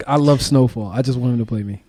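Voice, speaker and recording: Mellow, animated man chatting on a podcast. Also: mid-range voice, fast. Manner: animated, emphatic storytelling with slang. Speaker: podcast guest and show founder. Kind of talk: casual podcast conversation.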